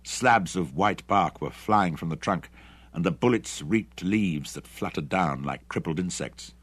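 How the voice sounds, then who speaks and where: A man narrating an adventure novel audiobook in an expressive, dramatic reading. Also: low-pitched, measured pace, slightly rough. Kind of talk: scripted narration.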